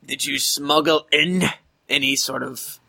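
A man joking through a tabletop game, speaking slowly with a gravelly, warm voice. He clowns around and laughs a lot, and his voice sits close and dry on the mic. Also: a little high, fairly even intonation, no room sound. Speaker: player. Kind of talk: casual tabletop game play.

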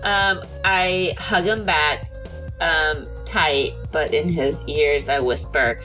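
A woman's voice: low voice, slow, soft background music, low-quality recording. A young adult woman playing a tabletop role-playing game, giggly and chatty. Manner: giggly, lively, chatty with fillers. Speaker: player. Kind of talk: casual chat at a game table.

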